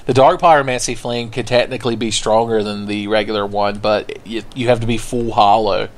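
A man's voice: fairly low pitch, steady tone, fairly quick. Profane joking man narrating gameplay. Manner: crude joking, profane, playful. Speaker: let's play host. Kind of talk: gameplay commentary.

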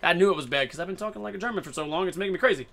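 A man's voice: high-pitched, animated, very fast, creaky, fairly bright tone. A man streaming a video game live, chatting casually and playfully with a running, jokey commentary.

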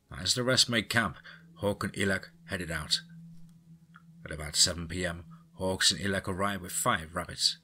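A man narrating a scripted story, reading every character's lines in nearly his own voice, with a husky tone. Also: sits low, normal speed, bright, forceful tone. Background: music.

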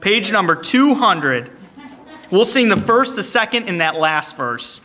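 A man hosting a church service as song leader, making announcements in a playful, teasing way with quick joking asides. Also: high-pitched, very animated. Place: church sanctuary, streamed online.

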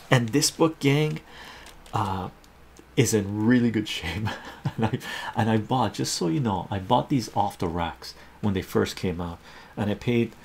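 Male live stream host, casual chatty delivery, gravelly low voice. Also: darkish tone. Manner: chatty, laughs often, reads chat aloud.

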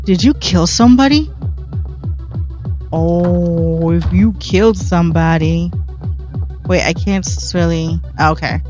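A woman's voice: on the low side, slow, long pauses, warm tone. Woman gamer, chatty let's-play narration, dull lo-fi mic, faint game music behind. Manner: chatty, self-mocking, reacts aloud to the game. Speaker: gameplay streamer. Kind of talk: casual let's-play commentary.

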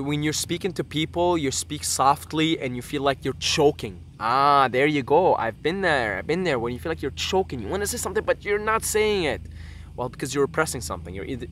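Young male YouTuber, bright and forceful, ranting off the cuff into a camera mic, keeps drifting onto tangents. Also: mid-range voice, slight background noise. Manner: rambling, earnest, swears casually, goes off on tangents. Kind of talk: casual vlog rant to camera.

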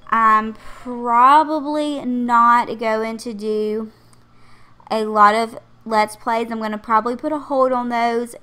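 This young pregnant channel host talks slowly and steadily in a fairly high, pushed, bright and smooth voice, with faint music in the background. She rambles casually over a game build, laughing a lot.

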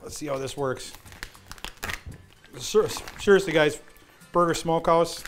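A man's voice: fairly high pitch, measured pace, faint music behind. A man talking casually to the camera while cooking in his home kitchen, chatty and often addressing the folks watching. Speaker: home cook in sponsor segment.

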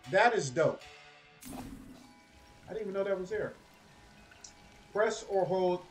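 A man doing casual, excitable gameplay commentary as a streamer, chatty and cursing at enemies. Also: high voice, takes it slowly, faint music behind. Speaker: gaming streamer.

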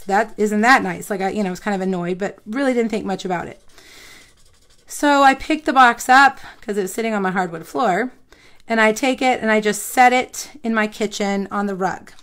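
A woman hosting a live craft stream, chatting to viewers and telling a rambling story while she works. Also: medium pitch.

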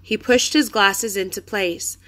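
Bright woman reading a storybook aloud. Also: mid-range voice, unhurried. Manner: clear, expressive storytelling. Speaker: reader. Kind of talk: reading a children's chapter book aloud.

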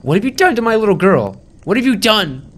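A woman's voice: low voice, fast, pitched above the performer's own voice, lightly acted. A man voicing a panicked mother screaming about her missing daughter in a horror story. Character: frantic mother of a missing girl.

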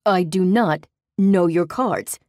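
A woman's voice: fairly low pitch, slow, dry recording, studio quality. Woman voicing a smug male demon. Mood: stern. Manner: curt, flat declarations. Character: smug male demon, proud, quick to growl. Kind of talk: audiobook character voice. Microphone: close studio mic.

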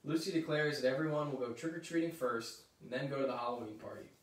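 A man reading a children's picture book aloud, with lively, chatty asides between passages. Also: mid-range voice, quick pace. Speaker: story reader. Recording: roomy echo, mic at a distance.

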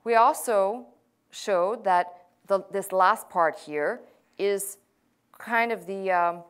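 A woman's voice: medium pitch, slow pace, clear, resonant tone. A woman pastor teaching a language class, explaining patiently step by step with casual asides.

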